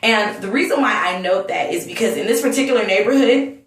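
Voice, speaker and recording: A woman's voice: medium pitch, expressive, fairly quick, a little hiss or hum. A woman from North Carolina delivering an impassioned personal rant, earnest and emotional, often restarting her sentences. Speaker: vlogger and Sunday school teacher. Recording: roomy, distant mic.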